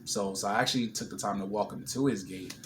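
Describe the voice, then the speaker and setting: A man's voice: on the low side, fairly even intonation, fast, noisy background. A man vlogging, casually telling an emotional story and retelling a conversation line by line. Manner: emotional, retelling a conversation with quoted back-and-forth.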